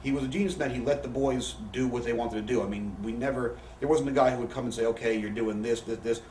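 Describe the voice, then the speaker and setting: Fast-talking man, roomy distant sound. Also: medium pitch, fairly even intonation, darkish tone. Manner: profane, rambling anecdotes with quoted voices. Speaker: interview guest. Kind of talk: candid storytelling. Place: living room. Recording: roomy, distant, faint background hiss.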